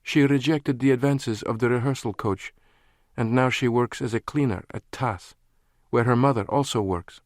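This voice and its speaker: A man's voice: medium pitch, normal speed, no echo, clean studio sound, voice pushed up, lightly acted. A man putting on a passionate young Russian woman. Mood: tender.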